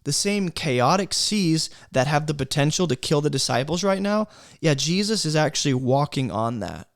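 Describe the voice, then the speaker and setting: A man's voice: a little high, animated, moderate pace, no echo, studio quality. A man leading a casual Bible study workshop, talking conversationally and with emphasis, often checking in with his listeners. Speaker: Bible teacher.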